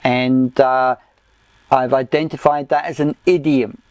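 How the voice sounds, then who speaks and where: Slow, deliberate male Bible teacher. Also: mid-range voice, fairly even intonation, darkish tone, no echo. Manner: measured, deliberate, with frequent pauses and "uh" fillers. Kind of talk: recorded lecture on Bible study method.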